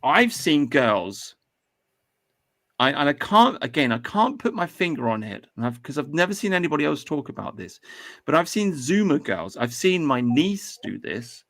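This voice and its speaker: A man's voice: on the high side, big pitch swings, moderate pace, fairly bright tone. A man hosting a casual chat, rambling and swearing as he airs his views. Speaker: podcast host.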